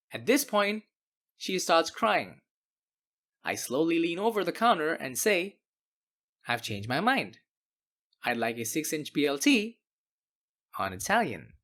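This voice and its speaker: Female narrator for animated internet stories, lowish voice, animated delivery, wry. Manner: wry, sarcastic asides. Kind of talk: scripted storytime narration.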